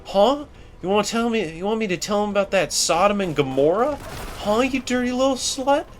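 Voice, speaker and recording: A man's voice: high voice, animated, a little fast, slight background noise, voice pushed up. A man voicing a fanatical male preacher who rants shrilly and mockingly at heretics during game commentary. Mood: ranting.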